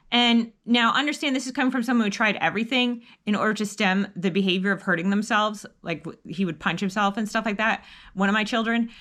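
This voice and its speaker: A woman's voice: mid-range voice, fairly bright tone. A middle-aged woman giving casual parenting advice, earnest and rambling, with many restarts, sometimes acting out upbeat lines a parent could say. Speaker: homeschooling parent advice vlogger. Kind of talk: casual advice talk to camera.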